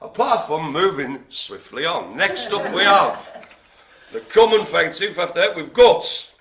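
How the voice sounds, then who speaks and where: A man's voice: a little high, very animated, unhurried, roomy sound, crowd noise. A British man hosting a live bingo game with jokey, hammy banter. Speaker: bingo host. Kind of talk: live comic bingo calling.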